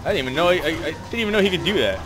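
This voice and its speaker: Excitable young man yelling at a game. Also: fairly high pitch, very fast, music in the background. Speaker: gaming channel host. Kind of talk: casual gameplay commentary.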